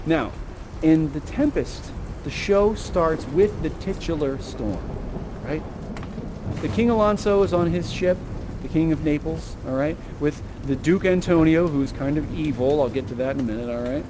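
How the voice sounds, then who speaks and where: Chatty, high-voiced male theatre guide. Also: normal speed, background noise. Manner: chatty, animated, tags lines with okay and right. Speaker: actor and guide of an interactive theatre show. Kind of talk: interactive virtual reality theatre. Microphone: VR headset mic.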